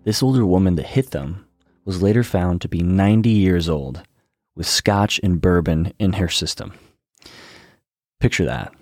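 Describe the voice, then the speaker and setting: A man's voice: low-pitched, moderate pace, darkish tone, no echo, clean studio sound. A man narrating a true story in a conversational way, with teasing asides to the listener.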